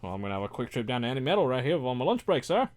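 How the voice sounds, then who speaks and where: A man's voice: mid-range voice, sing-song, very fast, a little mellow, natural voice. A man putting on a clumsy British accent for a chatty bloke, with the accent drifting toward Australian. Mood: joking.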